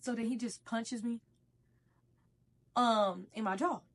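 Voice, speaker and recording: A woman's voice: on the high side, fairly even intonation, slow pace. A young woman telling a casual storytime while eating, in a slangy, profane, conversational way. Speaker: vlogger.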